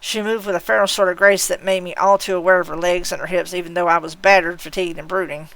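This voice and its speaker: A woman streamer reading a novel aloud live, unhurried, with occasional slips and self-corrections. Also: fairly low pitch, fairly even intonation, vocal fry, a bit bright, no room sound, poor audio.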